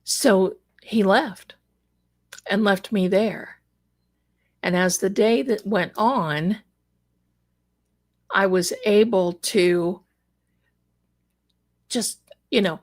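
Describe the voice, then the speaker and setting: This middle-aged woman, a psychic guest, recounts a personal story on a live stream with feeling, voicing the people in it. Her medium-pitched voice draws out words, and she pauses often.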